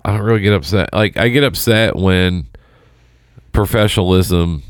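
A man with a very low voice chats casually, rambling and joking with frequent swearing. The sound is dry and close. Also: normal speed, no echo. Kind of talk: casual chat.

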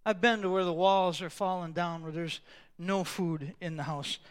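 A man preaching a sermon as the pastor, moving between quiet, conversational asides and loud, slow, emphatic declarations. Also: high voice, steady tone, clear, resonant tone.

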